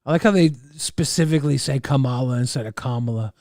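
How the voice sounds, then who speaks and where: A man streaming live, reacting to clips with brash jokes and loud rhetorical questions. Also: a little high, fast talker, creaky, dry recording, studio quality.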